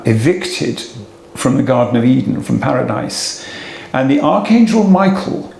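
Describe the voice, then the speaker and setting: An older man, a retired cathedral dean, giving a halting, reflective talk to an audience, with many fillers and restarts. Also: medium pitch, vocal fry, a little mellow. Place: assembly room before an audience. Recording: echoey hall, faint room noise.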